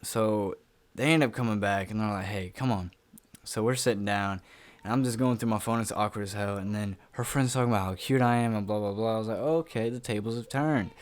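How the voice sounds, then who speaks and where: A young man with a slightly low voice tells a personal story for his vlog. He rambles and leans on fillers like "uh" and "like." He swears casually and laughs at himself as he goes, talking from home. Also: fairly even intonation, a little fast. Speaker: YouTuber telling a personal story.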